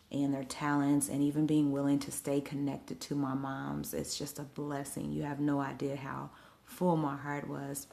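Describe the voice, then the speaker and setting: Low, gravelly-voiced woman livestreaming. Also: a little mellow. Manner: chatty storytelling, speaks directly to viewers. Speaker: event host and live streamer. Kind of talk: casual livestream recap. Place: at home at night. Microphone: phone livestream.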